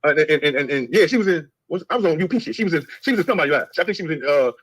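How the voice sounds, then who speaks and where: Fast-talking man telling brash stories. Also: a little high, slightly rough, low-quality recording. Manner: fast, profane storytelling, animated quoting. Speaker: live-stream co-host. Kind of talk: casual live-stream gossip chat.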